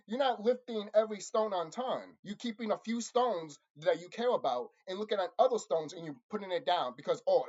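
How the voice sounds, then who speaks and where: A channel host delivering an angry, profane monologue to viewers, repeating himself and insulting his audience. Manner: lively swings in pitch and loudness. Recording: dull lo-fi recording.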